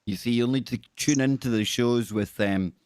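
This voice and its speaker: A man hosting a casual live stream, chatty and quick with thanks, often repeating himself. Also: mid-range voice, a little mellow, a little hiss or hum. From Scotland. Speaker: host.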